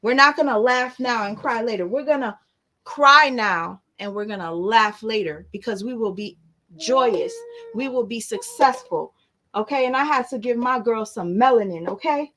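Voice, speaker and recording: A woman's voice: on the high side, normal speed, sharp tone. A young woman, chatting casually and emphatically on a livestream as an artist, with motivational asides.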